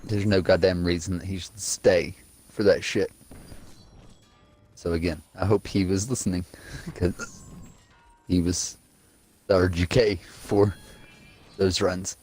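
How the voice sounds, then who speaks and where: A man's voice: low voice, level tone, unhurried, long pauses, a little mellow, slightly rough, soft background music. A man in a casual voice chat with a friend, ranting bluntly and swearing often.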